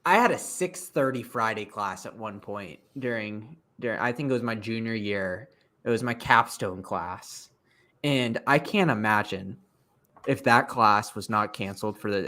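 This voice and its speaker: A young man in his twenties co-hosting a casual sports podcast, talking in an animated, rambling way full of "like" fillers. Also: lowish voice, normal speed. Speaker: podcast co-host. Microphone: streamed podcast mic.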